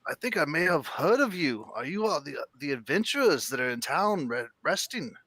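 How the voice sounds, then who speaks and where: A man's voice: medium pitch, measured pace, pushed and bright, no echo. A man voicing an earnest, red-bearded dwarf who owns a brewery.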